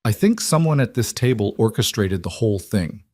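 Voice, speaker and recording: A man voicing a dangerous male mafia boss who speaks in a cold, even, threatening way. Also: on the low side, moderate pace, breathy edge, no room sound, studio quality.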